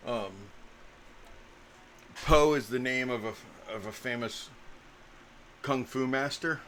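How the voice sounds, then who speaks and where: A man's voice: medium pitch, takes it slowly, a bit bright, a little hiss or hum. A man hosting a casual tabletop game session as game master, laid-back and full of filler ums. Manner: laid-back, lots of ums, jokey swearing.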